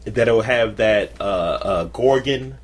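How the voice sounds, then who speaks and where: A man's voice: on the low side, slow pace. A man co-hosting a podcast in crude, rambling, joking casual chat. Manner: rambling, profane, jokey. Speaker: co-host.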